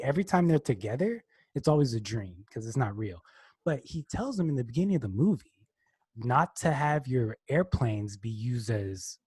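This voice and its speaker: A man's voice: medium pitch, mellow, slightly rough, dry recording. A young man casually retelling a movie on a podcast, rambling and restarting his sentences. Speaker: podcast co-host. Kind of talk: casual chat.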